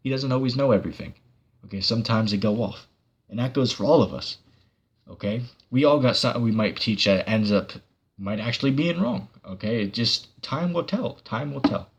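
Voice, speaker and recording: A man's voice: medium pitch, brisk, slightly rough. A man hosting a casual livestream, reading viewer comments and talking about scripture in a rambling way, full of fillers and restarts.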